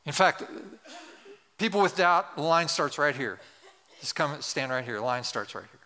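A man's voice: a little high, lively intonation, normal speed, bright, forceful tone. A man in his sixties, a pastor delivering an emphatic sermon in a large church, repeating key phrases and asking the congregation questions. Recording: long reverb of a large hall.

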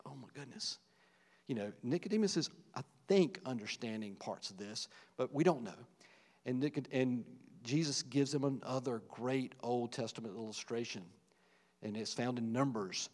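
Male pastor, mid-pitched, chatty preaching with stressed peaks; recorded in a reverberant hall. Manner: conversational preaching, rising for emphasis, many asides and restarts. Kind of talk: sermon.

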